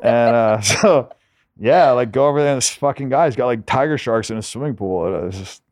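A man's voice: medium pitch, fairly quick, darkish tone, dry recording, clean studio sound. A man telling stories as a podcast guest in a laid-back, profane way, full of filler words. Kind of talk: casual storytelling.

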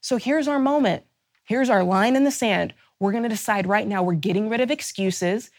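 A woman's voice: medium pitch, normal speed, dry recording, clean studio sound. A woman host giving a fervent, emphatic motivational talk, stacking rhetorical questions and openly angry on her listeners' behalf. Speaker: personal finance show host.

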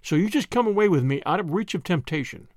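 A man's voice: high-pitched, expressive, fast, a little mellow, dry recording, clean studio sound. A man voicing a dreamy, romantic young woman who speaks earnestly and firmly.

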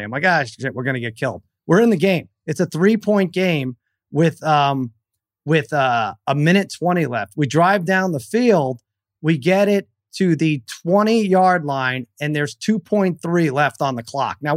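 Animated middle-aged man telling a story. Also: a little high, no room sound, clean studio sound. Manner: animated storyteller, rambling with restarts. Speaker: podcast co-host. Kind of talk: casual sports chat.

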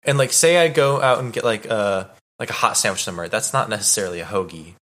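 A man's voice: fairly low pitch, fast, a bit bright. Hesitant young man, casual chatter. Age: young adult. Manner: hesitant, lots of filler likes. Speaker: guest. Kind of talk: casual chat.

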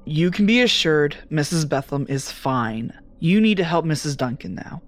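A woman doing an eerily calm monotone nurse. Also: low voice, moderate pace. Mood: serene. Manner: monotone, almost robotic. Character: cold calm female nurse, eerily serene. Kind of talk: horror story narration.

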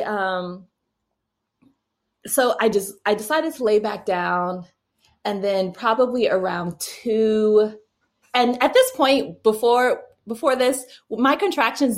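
A young adult woman telling a personal story casually, with frequent laughs, fillers and restarts. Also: medium pitch. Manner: chatty, laughing often, many fillers and restarts. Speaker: mother telling her birth story.

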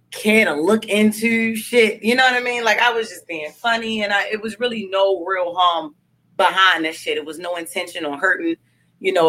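A woman's voice: lowish voice, a bit bright, low-quality recording. A young adult woman comedian with a D.C.-area accent, co-hosting a late-night call-in chat in a blunt, profane, playful way. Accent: Washington, D.C. area. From DMV area (Washington, D.C. region). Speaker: comedian co-host.

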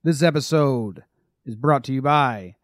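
A man's voice: medium pitch, unhurried, no room sound, studio quality. A man co-hosting a casual sports podcast, joking around and sometimes dropping to a mumble. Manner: jokey, animated, drops to mumbles. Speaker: podcast co-host.

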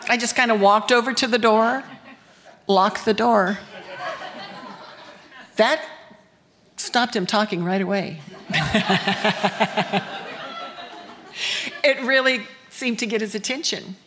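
A woman's voice: mid-range voice, slow, pauses often, a crowd in the background, noisy background. A woman from the United States telling a bawdy personal story on stage, candid and laughing as she goes. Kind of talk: live storytelling performance.

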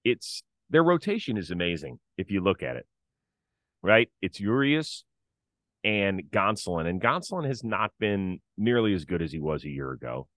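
A man's voice: sits low, sing-song, normal speed, fairly bright tone, dry recording, clean studio sound. A middle-aged man hosting a casual sports talk show, leading the conversation and setting up topics. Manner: conversational, leads the segments. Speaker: podcast host.

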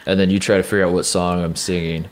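A man's voice: low voice, level tone, fast, a little hiss or hum. A man co-hosting a sports podcast, chatting casually and joking, rambling with lots of restarts. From West Coast of the US. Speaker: podcast co-host. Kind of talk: casual chat.

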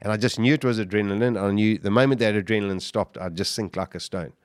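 His fairly low voice moves at a quick pace as he recounts a survival story on a podcast with intensity, acting out his own lines. He's a middle-aged man, heard in clean studio sound without echo.

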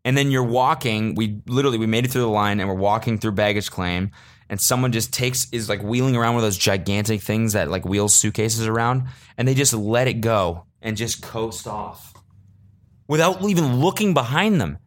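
A young man with a lowish voice rambles through a comedic story on his own podcast. He swears freely and talks loosely, then jumps way up in pitch when he acts out his own rants. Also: normal speed. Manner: animated, swings into loud high-pitched rants when quoting himself; profane, casual. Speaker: podcast host.

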